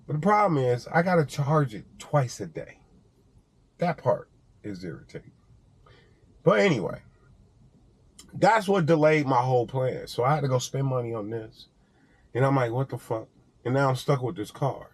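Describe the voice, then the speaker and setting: A man's voice: mid-range voice, breathy edge. A man talking casually to camera in a vlog, telling stories with lots of swearing and laughter. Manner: animated storytelling, profane, laughs often. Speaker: vlogger.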